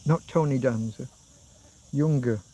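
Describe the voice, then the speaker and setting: A man's voice: mid-range voice, unhurried, warm tone, a little hiss or hum, rough recording. A man in his fifties with an English accent, hosting a rambling livestream chat, reading out comments, swearing casually and now and then humming tunes. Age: 50s. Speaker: livestream host.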